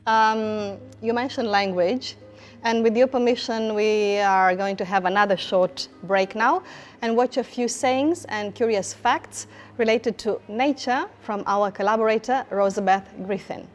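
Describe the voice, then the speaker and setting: A woman's voice: mid-range voice, a little slow. Woman host on a talk show, short friendly questions, faint music under it. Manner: friendly, brief prompting questions. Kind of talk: casual interview chat.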